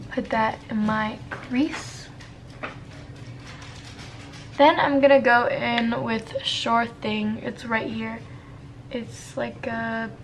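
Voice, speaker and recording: A young woman chats through a makeup tutorial at an unhurried pace. Her slightly high voice has a gravelly fry, and she is flustered and self-deprecating, half talking to herself. A faint hiss sits under the recording. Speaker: beauty vlogger.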